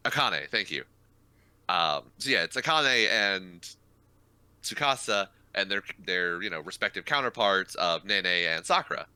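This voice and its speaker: A man's voice: low voice, lively intonation, unhurried, sharp tone, clean tone, no echo. A man co-hosting a casual anime podcast, swearing freely and retelling scenes with energy. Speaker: podcast co-host. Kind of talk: casual chat about anime.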